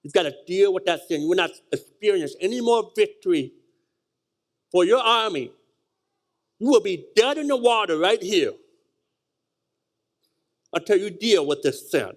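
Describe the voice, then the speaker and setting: A man's voice: high voice, expressive, moderate pace, long pauses. A man preaching a sermon, reading scripture aloud and stressing points with repeated words and sudden rises and drops. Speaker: pastor.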